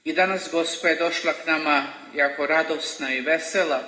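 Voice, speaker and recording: A man with a bright, forceful voice speaks to a congregation in short phrases, pausing after each for an interpreter. His voice carries a long hall reverb. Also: a little high, steady tone. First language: Croatian. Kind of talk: talk in church, paused for interpreting. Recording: echoey hall, voice roomy.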